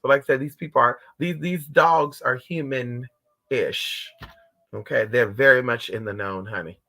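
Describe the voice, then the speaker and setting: Animated, profane storytelling man, gravelly. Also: mid-range voice, a little slow. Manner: animated, profane, calls viewers honey and girl. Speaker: vlogger. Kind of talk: casual storytelling to viewers.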